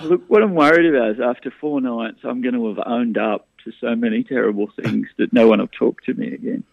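A man with an animated storytelling manner, chatting as a guest in a radio interview. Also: medium pitch, brisk, creaky, no room sound. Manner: animated storyteller, frequent restarts. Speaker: comedian guest. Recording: tinny phone line.

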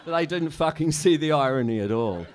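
A man's voice: a little high, lively intonation, fairly quick, a little mellow. A middle-aged musician telling rambling, profane stories in a casual interview, laughing at his own anecdotes. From Australia. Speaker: musician guest.

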